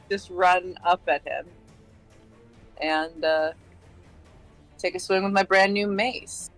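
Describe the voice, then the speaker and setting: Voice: medium pitch, fairly bright tone, low-quality recording. A player in a tabletop game, easygoing and giggly, describing actions casually. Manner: laughing, easygoing, slightly apologetic.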